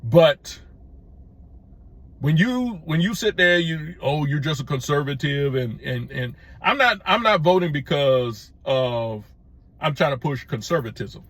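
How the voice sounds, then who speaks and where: A man's voice: a little high, big pitch swings, takes it slowly, fairly bright tone. A middle-aged man hosting his own channel, giving an emphatic opinion monologue with repeated phrases and stammered restarts. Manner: emphatic, repetitive, restarts with stammered false starts. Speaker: YouTube channel host.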